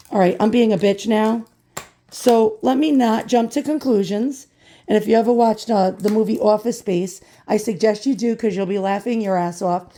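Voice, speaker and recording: A woman's voice: fairly high pitch, dark tone. A woman vlogger who has lost her voice, ranting with exasperation and heavy swearing while unboxing a purchase. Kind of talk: unscripted rant vlog.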